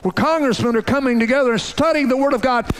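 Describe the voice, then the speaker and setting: A man with a high-pitched voice delivers a folksy, animated sermon, teasing and calling out to his congregation. His preaching rings through a church sanctuary with a long, lingering reverb. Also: quick pace, noisy background. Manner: folksy, animated preaching with audience call-outs. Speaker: pastor.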